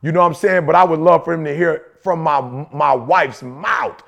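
A middle-aged man co-hosting a podcast, talking in an animated, slangy motivational way and repeating phrases for emphasis. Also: on the high side, normal speed, vocal fry, highs cut off. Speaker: podcast co-host. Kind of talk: motivational casual chat.

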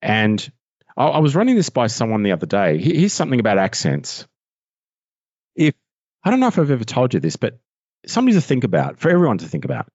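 A man with an Australian accent, a voiceover artist chatting as a podcast guest, excitable and rambling, often laughing at himself. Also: mid-range voice, fast talker, slightly rough, no room sound, muffled recording. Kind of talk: casual podcast chat.

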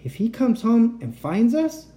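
A cautious young boy who is uneasy and reluctant, his worries rising and falling in his voice, as a reader acts him out. The tone stays soft and mellow. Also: mid-range voice, sing-song, a little slow, voice pushed up. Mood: worried.

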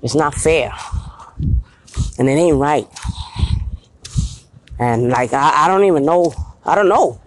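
A woman vlog host walks a street at night with her phone in hand, ranting bluntly and profanely and repeatedly saying "you feel me." Her low voice is animated yet slow, with frequent pauses and a noisy background.

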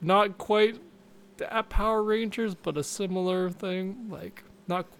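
A man's voice: high voice, fairly even intonation, slow pace, fairly bright tone. A man chatting casually, easygoing, laughing often and making wry asides. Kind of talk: casual chat.

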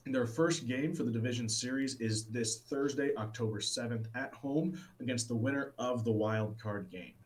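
A man's voice: medium pitch, normal speed, few pauses, poor audio. A man co-hosting a casual sports talk show, enthusiastic and rambling, with plenty of restarts. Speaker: sports podcast co-host.

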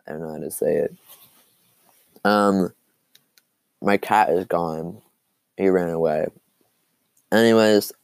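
A man's voice: fairly low pitch, dry recording. A young man hosting a casual solo podcast, rambling and self-deprecating, his throat phlegmy from coughing. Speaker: podcast host.

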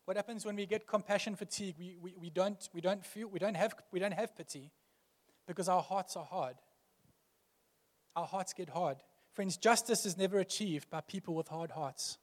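A man's voice: high-pitched, moderate pace, in a large hall. A male pastor preaching a sermon earnestly, building emphasis through repeated phrases.

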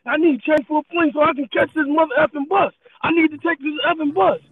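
A man's voice: very high voice, steady tone, fast talker, pitched above the performer's own voice. A man voicing an impatient male customer who is late for his bus, exasperated and cursing. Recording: tinny phone-like line.

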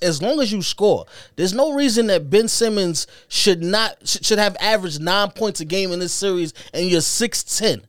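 Man, podcast co-host, high voice, rambling casual talk, dry sound. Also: dry recording. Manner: rambling, full of restarts and fillers.

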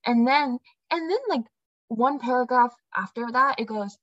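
A woman's voice: on the high side, moderate pace, a bit bright, no echo. A young woman in casual chat, reading out passages from a book between many "um"s and "like"s. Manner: reads quotes aloud, frequent "um" and "like". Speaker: book discussion co-host. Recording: dry, dull lo-fi mic.

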